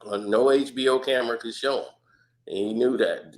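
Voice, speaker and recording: A man's voice: mid-range voice, steady tone, brisk. A man in casual podcast chat, telling stories animatedly, acting out quotes and laughing often. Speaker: podcast guest.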